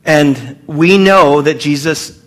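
A man preaching a sermon to his congregation in an earnest, emphatic way, pausing and restarting as he speaks. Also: fairly high pitch. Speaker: pastor.

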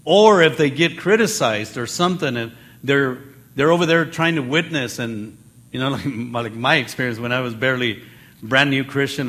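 A man preaching a Bible teaching sermon in a conversational way, jumping in pitch as he acts out the people he quotes. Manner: animated, acts out quoted voices with pitch jumps; conversational with fillers and restarts.

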